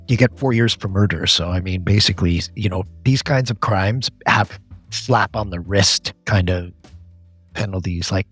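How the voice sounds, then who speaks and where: Male guest, low husky voice, relaxed wry delivery. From Canada. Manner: laid-back, wry storyteller. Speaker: podcast guest. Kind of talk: casual podcast chat.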